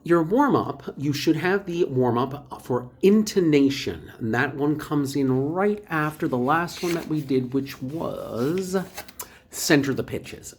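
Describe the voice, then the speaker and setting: A woman teaching a recorded voice lesson, explaining exercises and practice steps in a clear, instructive way. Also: sits low, a little mellow.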